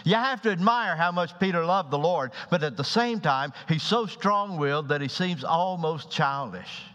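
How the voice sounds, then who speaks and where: A man's voice: moderate pace, fairly bright tone. A man preaching a sermon in a church, dramatic in delivery and acting out the voices in his stories. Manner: dramatic, acts out quoted voices with rising pitch. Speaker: pastor. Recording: lo-fi recording with long hall reverb.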